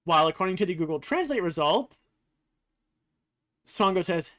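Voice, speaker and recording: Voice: mid-range voice, lively intonation, normal speed, a bit bright. A streamer giving casual game commentary, musing aloud with frequent fillers and the odd curse. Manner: casually profane.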